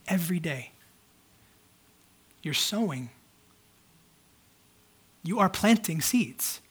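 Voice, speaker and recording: Pastor, male, high voice, preaches in a loose, candid, conversational way. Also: a bit bright, breathy edge. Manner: conversational, candid, many fillers. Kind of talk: casual sermon.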